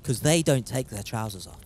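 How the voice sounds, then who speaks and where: Slow-talking jokey man. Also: mid-range voice, darkish tone, a little hiss or hum. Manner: jokey, chatty, laughs often. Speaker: gaming streamer. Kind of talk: casual live gameplay commentary.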